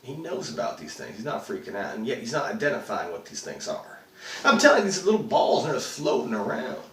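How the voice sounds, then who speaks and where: A man's voice: mid-range voice, very animated, quick pace, fairly bright tone. Guy doing a spooked astronaut, rambly and swearing, echoey room, faint hiss. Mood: uneasy. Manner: rambling, profane, full of fillers. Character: rattled male astronaut recounting a UFO sighting. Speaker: actor performing a monologue. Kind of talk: dramatic monologue. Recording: roomy, distant mic, faint noise.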